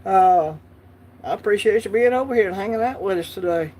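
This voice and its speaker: His voice sits high and sounds a little mellow, and he talks briskly. He's a livestream host with a Southern US accent, relaxed and talkative, replying to viewers' comments in real time.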